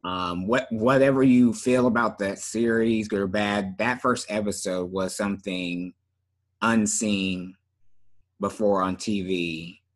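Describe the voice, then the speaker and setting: A man co-hosting a podcast in casual chat, relaxed and often trailing off with fillers. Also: on the low side, takes it slowly. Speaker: podcast co-host.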